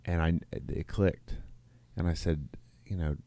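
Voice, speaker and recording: The middle-aged podcast co-host, a nurse, chats casually through a long story, restarting and quoting others as he goes. He sounds low, dark and steady, taking his time.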